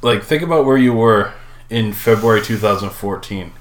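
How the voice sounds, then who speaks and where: A middle-aged Minnesotan co-hosts a casual live-stream podcast chat, joking and laughing often. He speaks at a moderate pace with a fairly low voice, and the room is echoey.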